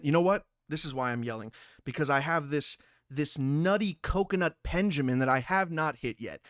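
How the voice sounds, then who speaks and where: A man's voice: high voice, no echo, clean studio sound. Profane ranting young male streamer. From Italian heritage. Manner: loud, profane, ranting, reads chat aloud. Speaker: livestream host. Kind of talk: casual livestream commentary.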